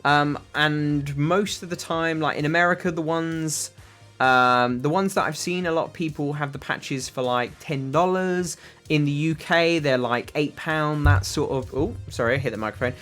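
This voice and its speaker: This livestream host, a British man, rambles through answers to chat questions with plenty of ums and uhs. His voice sits on the high side with a fairly bright tone and a moderate pace, backed by soft music.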